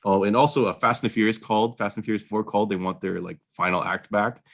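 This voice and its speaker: Man, podcast co-host, low voice, fast talker, casual rambling movie chat. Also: fairly even intonation. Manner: rambling, filler-heavy, laughs easily.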